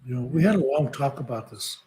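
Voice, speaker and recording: An older man telling a personal story in a slow, halting, soft-spoken way. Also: mid-range voice, low-quality recording. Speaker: podcast guest speaker.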